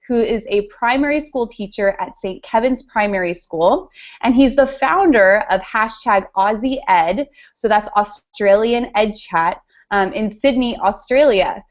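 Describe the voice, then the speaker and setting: A woman with a Californian accent hosting an interview over a video call, upbeat and lively. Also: a little high, a little slow. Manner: upbeat, lively, some fillers. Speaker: host, interviewer. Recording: dull lo-fi video call audio.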